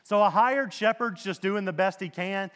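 Animated man preaching in a hall. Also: sits high, normal speed. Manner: conversational, animated, rhetorical questions and asides. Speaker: pastor. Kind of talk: sermon.

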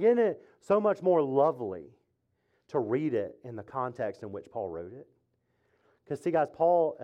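A man's voice: fairly high pitch, dark tone. A male pastor delivering a conversational sermon, driving points home through repetition and building to fervent exhortation. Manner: conversational preaching, emphatic repetition, rising to exhortation.

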